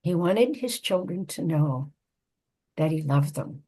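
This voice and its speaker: An older woman, a psychotherapist and author, telling a personal family story in a measured, reflective way. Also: low voice, expressive, dark tone.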